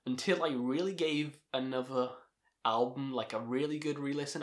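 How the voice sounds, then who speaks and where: A man's voice: mid-range voice, moderate pace. A man ranking heavy metal albums in a casual vlog, talking with emphatic, profane enthusiasm. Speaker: music reviewer.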